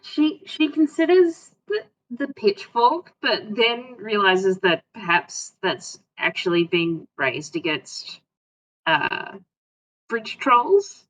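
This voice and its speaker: A woman's voice: medium pitch, animated, slow, a bit bright. A woman playing a tabletop game, hesitant and thinking aloud. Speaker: player. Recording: dull lo-fi mic, distant.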